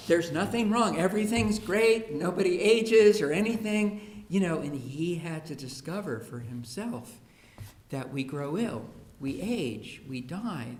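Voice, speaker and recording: A man telling funny classroom stories to an audience, slipping into the voices of the people he quotes. His voice sits a little high for a man. He is recorded in an echoey school hall with a faint hiss behind him. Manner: humorous storyteller, acts out quoted children and parents. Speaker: speaker on education. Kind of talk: public talk to an audience.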